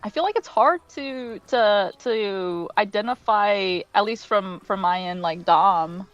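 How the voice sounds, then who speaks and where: A woman's voice: mid-range voice, slow, lo-fi sound, soft background music. A woman game developer chatting casually on a group video call, rambling with many fillers and laughing often.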